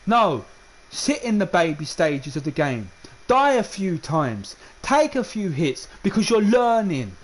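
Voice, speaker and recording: A man delivers an unscripted rant as a gaming streamer. His voice sits high, and he keeps circling back to the same points, stammering on restarts as his frustration builds. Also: sing-song, unhurried. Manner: heated, repetitive, stammers on restarts. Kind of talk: unscripted ranting monologue.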